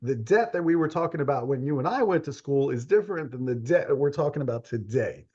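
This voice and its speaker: This is a man in his forties hosting a relaxed interview. He thinks out loud and laughs easily. His pitch is middle, and the recording sounds slightly muffled and low-fidelity. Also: quick pace, breathy edge. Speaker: host. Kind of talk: casual interview chat. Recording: slightly dull, lo-fi audio.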